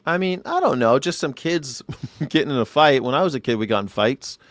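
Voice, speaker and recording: A man's voice: medium pitch, lively intonation, a little fast, no room sound, clean studio sound. A man hosting a live news reaction show, sarcastic, crude and rambling.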